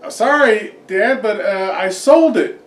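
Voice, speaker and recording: A man voicing a shrewd boy of about nine who haggles in a flat, matter-of-fact way. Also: high-pitched, takes it slowly. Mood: deadpan. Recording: echoey room, distant mic.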